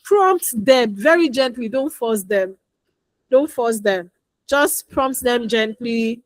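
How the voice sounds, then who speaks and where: A woman's voice: a little high, animated, slow pace, no room sound. A woman coaching parents in a chatty talk full of stories, repeating her advice and acting out little dialogues. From Nigeria. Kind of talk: instructional talk with anecdotes.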